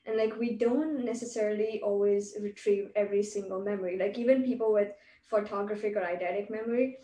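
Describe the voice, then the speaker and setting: Woman podcast host, mellow voice, thinks aloud, echoey room, mic set back. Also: medium pitch, fairly even intonation, a little fast, a little hiss or hum. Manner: reflective, filler-heavy, speculative. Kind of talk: casual conversation. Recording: roomy, distant mic with faint ambience.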